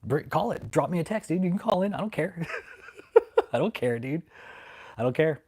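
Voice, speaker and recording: A man's voice: fairly high pitch, lively intonation, a little fast, a little mellow, breathy edge. A man hosting a livestream, ranting at his critics and reading chat in a profane, mocking, confrontational way. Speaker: livestream host. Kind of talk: casual livestream rant.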